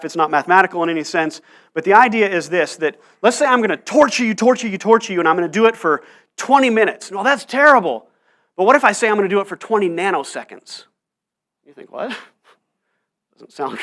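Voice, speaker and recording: His voice is on the high side and a bit bright: a pastor around forty preaching a sermon at church. He tells stories and peppers them with frequent "right?" asides to check in with the room.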